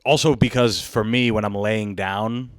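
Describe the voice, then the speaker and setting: Deep-voiced laid-back podcast host. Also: male voice, fairly even intonation, a little slow, no echo, studio quality. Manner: laid-back, laughs often, jokey asides. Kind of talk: casual chat.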